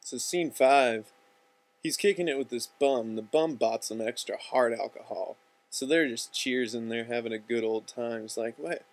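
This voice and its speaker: A man's voice: medium pitch, moderate pace. Young guy rambling thru a story, loose and sweary, normal mid voice. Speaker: filmmaker pitching a storyboard. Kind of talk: casual storytelling.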